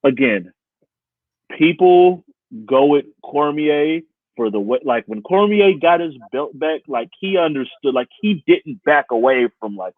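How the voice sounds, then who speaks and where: Co-host type, male, lively swinging delivery, profane and laughing often, thin phone-like audio. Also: on the high side, a little slow, no echo. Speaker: podcast co-host. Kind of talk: casual sports banter. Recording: tinny phone-like sound, dry.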